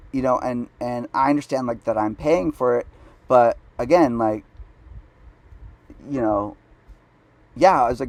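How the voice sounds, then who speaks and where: A man's voice: medium pitch, steady tone, moderate pace. Brief: male comic, satirical storytelling, rambling and self-deprecating, mid-range voice. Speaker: comedian.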